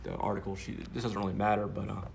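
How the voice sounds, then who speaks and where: A man's voice: lowish voice, level tone, rapid-fire, gravelly, slight background noise. A man telling a story to camera in a sardonic, rambling way, with many fillers.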